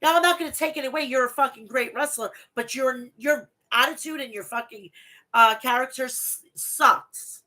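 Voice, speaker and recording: A woman's voice: high-pitched, a little fast, pushed and bright, rough recording. A woman hosting her own wrestling review show, ranting heatedly and bluntly with plenty of swearing. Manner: reads event recap aloud. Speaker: wrestling podcast host.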